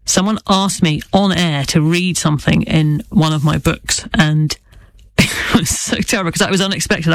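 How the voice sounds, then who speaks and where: A woman's voice: low voice, no room sound. A middle-aged woman author speaking candidly and thoughtfully in an interview, with occasional stammers and restarts. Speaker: author guest. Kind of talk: reflective interview talk.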